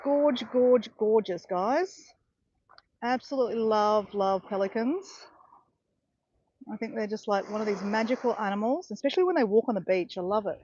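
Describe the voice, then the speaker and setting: A woman's voice: mid-range voice, moderate pace, darkish tone, dull audio, slight background noise. A middle-aged woman with an Australian accent, chatting casually and rambling while she streams a live walk on the beach, often correcting herself. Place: outdoors on a beach.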